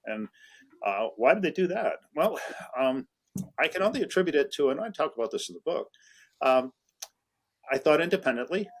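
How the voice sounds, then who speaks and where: A man's voice: fairly high pitch, very animated, moderate pace, long pauses, rough recording. Rambling older man full of hesitations. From Rhode Island, US. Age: 70s. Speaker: guest, investment adviser. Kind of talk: interview answers.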